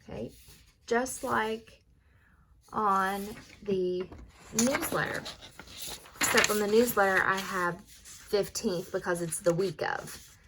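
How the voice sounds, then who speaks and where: This very noisy recording features a young female teacher leading a reading lesson for young pupils, speaking in a medium pitch as she slowly sounds out words and explains worksheet answers.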